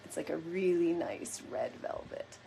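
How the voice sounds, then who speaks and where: A woman's voice: lowish voice, unhurried, vocal fry, dark tone, a little hiss or hum. Chatty woman hosting a craft stream. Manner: chatty, playful, addresses viewers often. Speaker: DIY decor host. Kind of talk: casual live crafting chat.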